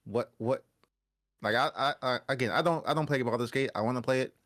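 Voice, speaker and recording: A man's voice: mid-range voice, fairly quick, a bit bright. Hesitant stammering guy, mid voice. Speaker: podcast co-host. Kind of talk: casual gaming chat.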